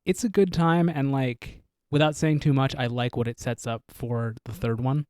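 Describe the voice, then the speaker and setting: A man's voice: mid-range voice, fairly even intonation, moderate pace, darkish tone, smooth, dry recording, studio quality. A man co-hosting a movie review podcast, chatting casually and backing up his co-host with short agreements. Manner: supportive, frequent short agreements. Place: podcast studio.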